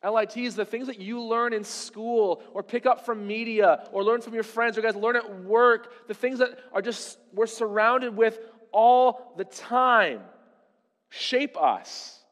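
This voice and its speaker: High-voiced preacher in an echoing hall. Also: male voice, a little slow, a bit bright. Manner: conversational preaching with rhetorical questions. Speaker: pastor. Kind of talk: sermon.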